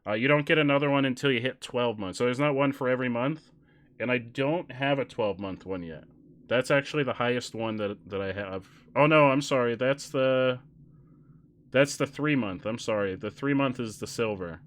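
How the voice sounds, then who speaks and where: A man's voice: medium pitch, moderate pace. A man chatting casually on a live stream, telling dad jokes, laughing often and correcting himself as he rambles. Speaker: game streamer.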